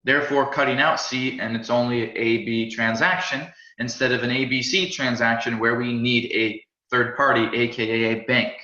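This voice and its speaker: A man teaching a live class in an energetic, chatty way, often repeating and restarting words. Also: mid-range voice, normal speed, few pauses. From United States. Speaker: crypto trading instructor. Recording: roomy, slightly dull sound.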